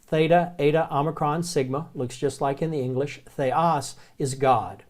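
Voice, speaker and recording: A man with a Southern American accent gives a recorded Greek lesson, stretching out each vocabulary word. His voice sits a little high but sounds mellow and soft. He talks in a loose, chatty way. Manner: relaxed, chatty, repeats words slowly. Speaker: Greek teacher. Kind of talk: recorded classroom lecture.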